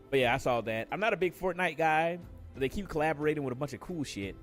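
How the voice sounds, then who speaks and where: Laid-back, swearing gamer streamer. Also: male voice, a little high, fast talker, faint music behind. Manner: relaxed, profane, laughs often. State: has a headache. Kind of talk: casual live stream chat while gaming.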